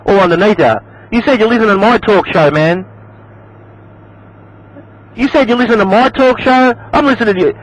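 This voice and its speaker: A man's voice: high-pitched, a little fast, pauses often. An Australian man chatting over CB radio, repeating himself and calling the other operator man. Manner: repetitive, calls everyone man. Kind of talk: casual CB radio chat. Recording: noisy radio skip.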